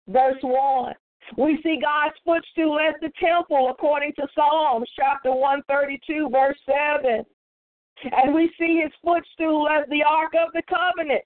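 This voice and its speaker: A woman's voice: high-pitched, dry recording. A woman pastor leading a morning Bible study, preaching in a folksy way, citing scripture references and repeating points for emphasis. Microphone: phone conference line. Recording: phone-line broadcast, dry.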